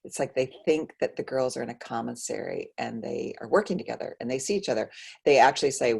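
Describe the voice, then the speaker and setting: A woman author talking about her book over a video call, halting with many fillers and restarts, and losing her voice. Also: rumbling low, animated, creaky, darkish tone, slightly rough. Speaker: author guest. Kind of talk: conversational book talk.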